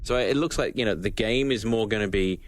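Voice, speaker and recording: A man co-hosting a casual podcast, quick to jump in with questions. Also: lowish voice. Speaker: podcast co-host. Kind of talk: casual chat.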